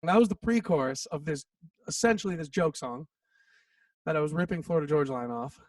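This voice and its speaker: A man's voice: on the high side, brisk, no room sound, far from the mic. A man in his thirties, a songwriter guest, telling a story in a casual interview, acting out quotes and saying "like" a lot. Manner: animated, acts out quotes, says "like" often.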